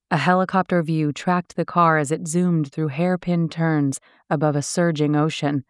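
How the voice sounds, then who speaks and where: A woman reading an audiobook in steady, descriptive scripted narration. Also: sits low, clean tone, no echo, clean studio sound.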